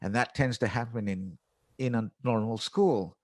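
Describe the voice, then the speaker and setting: A man's voice: medium pitch, normal speed. A man who is an English teacher and musician, explaining his method in a conversational interview and acting out classroom phrases as he goes.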